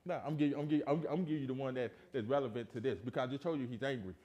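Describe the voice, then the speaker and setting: A man preaching a sermon in a church, emphatic and full of rhetorical questions, dropping from loud to hushed. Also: mid-range voice, steady tone, very fast. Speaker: pastor. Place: church sanctuary.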